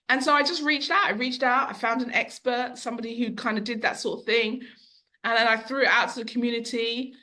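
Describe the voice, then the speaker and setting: A middle-aged woman who owns a bookshop, speaking as a podcast guest and telling long, animated stories. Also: on the high side, a little fast. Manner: animated, long-winded storyteller who acts out quotes. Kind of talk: conversational storytelling.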